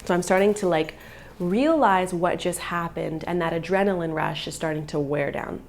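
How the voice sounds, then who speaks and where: A woman's voice: lowish voice, normal speed, slight background noise. A woman in her thirties, a vlogger and mother, telling a personal story in an earnest, emotional way.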